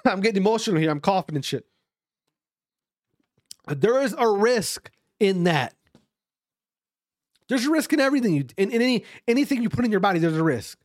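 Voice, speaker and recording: A man's voice: high-pitched, dry recording, clean studio sound. A man in a casual, profane ranting monologue, repeating his points emphatically and mocking others' views sarcastically. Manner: sarcastic, mimics others' voices mid-rant.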